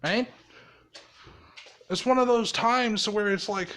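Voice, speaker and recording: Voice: mid-range voice, takes it slowly, long pauses, fairly bright tone. A person casually telling a rambling fan story, swearing often and laughing along.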